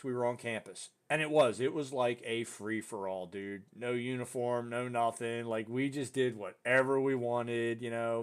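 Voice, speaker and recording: A young man hosting a podcast, telling a story in loose casual chat and jumping his voice up high when he quotes people. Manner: animated, voice jumps high when quoting people; loose, filler-heavy talk with "dude" and "you know". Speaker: podcast host.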